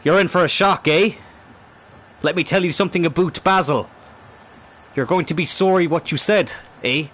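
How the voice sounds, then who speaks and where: Man putting on a smug Canadian coder voice, taunting, put-on Canadian accent, raised pitch, bright tone. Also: normal speed, long pauses. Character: mocking male Canadian game coder, smug.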